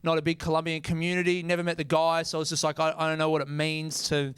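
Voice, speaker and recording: A man's voice: fairly high pitch, monotone, fast talker, a bit bright, clean tone, no room sound, studio quality. Casual Australian man doing stand-up. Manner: casual, swearing, self-mocking. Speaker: stand-up comedian. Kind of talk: stand-up comedy.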